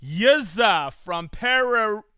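A man's voice: high voice, lively intonation, very slow, sharp tone, smooth, dry recording. A man hosting a live stream, cheerfully reading out viewers' hometowns and joking with his crew. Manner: upbeat, reads viewer locations aloud, jokey. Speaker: live show host. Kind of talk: casual live-stream chat.

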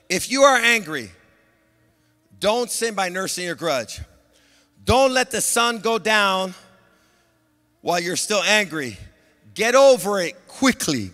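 Man, pastor preaching a sermon, high bright voice, swings from shouts to soft asides, long hall reverb. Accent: Southern Californian.

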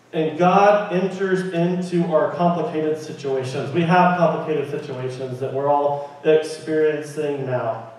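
A man preaching a sermon in a church, lively and conversational, often asking the congregation questions. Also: sits high. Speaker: pastor. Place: church sanctuary. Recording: very echoey room, mic at a distance.

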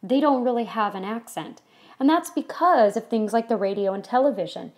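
A woman's voice: a little high, a little fast. A woman from California giving a casual history lecture to a class, chatty and full of ums and you-knows. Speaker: history teacher.

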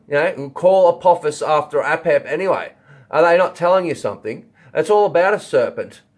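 A man rambling through a vlog monologue, swearing often and firing rhetorical questions at himself. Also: a little high. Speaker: video blogger.

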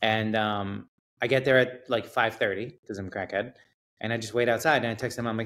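A man guest on a podcast, telling a story in a casual, animated way, swearing and acting out what people said. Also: on the low side, fairly quick. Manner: animated storyteller, acts out quotes, swears, laughs. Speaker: realtor guest.

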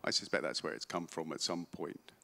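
A man's voice: rumbling low, brisk, vocal fry, fairly bright tone. A male author on a festival stage, telling anecdotes with laughter and self-mockery. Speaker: author being interviewed. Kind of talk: live storytelling at a literary festival. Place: festival stage before a live audience.

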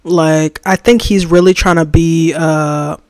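A livestreamer chatting casually while designing, slangy and animated, reading and answering the chat and ranting about opinions. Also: medium pitch, slow, no room sound.

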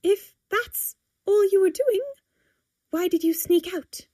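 Disapproving mother, sharp and incredulous, high and dry, read by a woman. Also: sing-song, takes it slowly, no echo, full character voice. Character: disapproving, suspicious middle-aged mother.

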